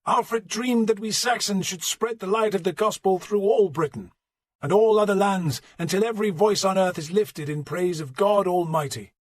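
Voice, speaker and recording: A man voicing a stern old archbishop, hoarse, fervent declamation, husky tone, dry sound. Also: high-pitched, moderate pace, dry recording, pitched above the performer's own voice. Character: stern old archbishop preaching a funeral sermon.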